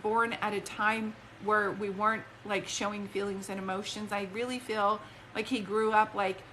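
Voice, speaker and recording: A psychic medium on a phone live stream speaks in a medium-pitched, level voice that's pushed and bright, at a normal pace, with a little hiss or hum. Emotional and rambling, she breaks off mid-thought, speaking to an unseen spirit one moment and a viewer the next.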